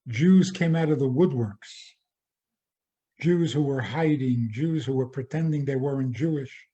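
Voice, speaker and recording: A male rabbi lecturing at a very slow, deliberate pace. His tone is mellow and dark. He talks in a measured way and often circles back to repeat a phrase. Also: mid-range voice, dull audio. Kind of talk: spoken lecture.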